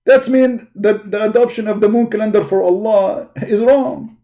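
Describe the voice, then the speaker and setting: Here a man runs a live call-in debate stream, weary-voiced, insulting and ridiculing his opponents with emphatic repetition as he looks through a website. He has a high, dark voice with fairly even intonation and a moderate pace.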